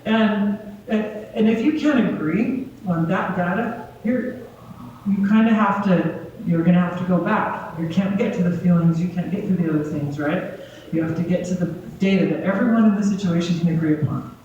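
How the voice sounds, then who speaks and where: A woman's voice: lowish voice, normal speed, warm tone, a little hiss or hum. Woman presenter, casual talk to a crowd, heard from far off in a big echoing room. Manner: conversational, checks in with "right?". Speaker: guest speaker. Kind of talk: live talk to a gathering. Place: community gathering hall. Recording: echoey hall, distant and dull.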